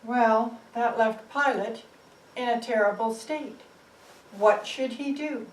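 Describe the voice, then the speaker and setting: A woman telling a Bible story slowly and expressively, with dramatic rises and drops. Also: a little high, slight background noise. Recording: roomy, distant mic, faint ambience.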